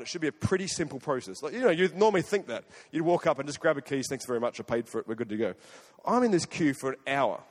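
Aussie guy preaching fast, chatty and animated, long echo like a big hall. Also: medium pitch. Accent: Australian. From Australia. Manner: animated, conversational, jumps between loud and hushed. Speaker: guest preacher. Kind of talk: sermon with storytelling.

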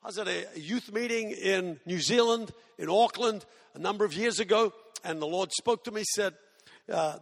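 A male preacher telling a story in his sermon, animated and self-mocking, acting out the voices of the people in it. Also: high-pitched, normal speed, gravelly, big-room sound.

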